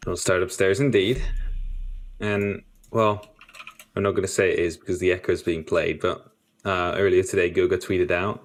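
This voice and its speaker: A man's voice: low voice, fairly even intonation. A man casting a live esports match, joking and poking fun at his own slips. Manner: joking, self-mocking, quick to laugh at his own slips. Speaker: esports caster. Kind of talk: live game commentary.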